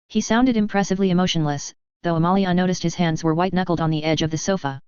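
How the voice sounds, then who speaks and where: Smooth-voiced woman reading fan fiction. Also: lowish voice, fairly even intonation, fast, few pauses, darkish tone, no echo. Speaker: narrator. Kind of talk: fan fiction read aloud. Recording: dull lo-fi dry recording.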